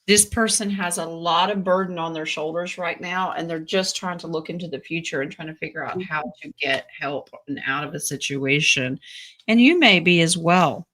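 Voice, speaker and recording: A woman's voice: lowish voice, normal speed, a bit bright. A woman, a tarot reader co-hosting a casual group chat who gives blunt, joking advice and laughs often.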